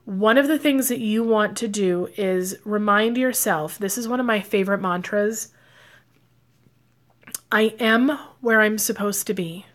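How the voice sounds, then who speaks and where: A woman's voice: mid-range voice, measured pace. A woman, a psychic and life coach, talking casually to her audience and giving advice, with lots of fillers and acted-out quotes. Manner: chatty, acts out quoted lines with filler words. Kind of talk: casual advice talk to camera.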